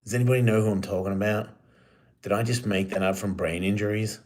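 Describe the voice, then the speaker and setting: A man's voice: fairly low pitch, steady tone, fast, a little mellow. A middle-aged man hosting a live stream, chatting casually with his viewers in a rambling, joking and profane way. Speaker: live-stream host answering chat.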